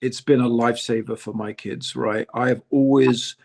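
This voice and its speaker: A man's voice: medium pitch, moderate pace, gravelly. A man co-hosting a casual podcast discussion, talking animatedly with lots of fillers. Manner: conversational, animated, many "you know" fillers. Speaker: podcast co-host.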